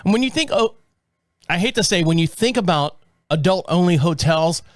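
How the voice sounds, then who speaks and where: A man's voice: high-pitched, expressive, moderate pace, no room sound. A man hosting a podcast in a studio, talking in a rambling, chatty way full of asides and jokes. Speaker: podcast host. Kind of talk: casual chat. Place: podcast studio with several cameras.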